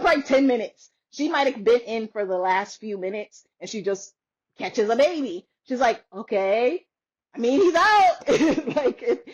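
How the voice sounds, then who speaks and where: A woman podcaster in a casual chat, telling a story with lots of laughter and acting out what others said. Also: fairly high pitch. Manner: animated, laughs often, acts out quoted voices. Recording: dull lo-fi sound.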